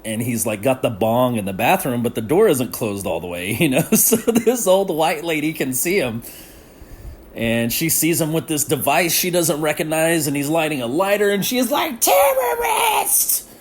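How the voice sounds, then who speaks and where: A man's voice: fairly high pitch, animated, moderate pace. A man hosting a casual solo podcast, rambling and laughing often as he talks with lots of slang. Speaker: podcast host.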